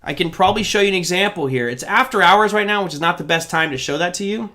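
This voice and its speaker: A man's voice: sits high, quick pace, pushed and bright. A man hosting a live trading stream, chatting loosely and answering viewers' questions from the chat as he goes. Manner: chatty, digressive, addresses chat directly. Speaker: host of a live trading show.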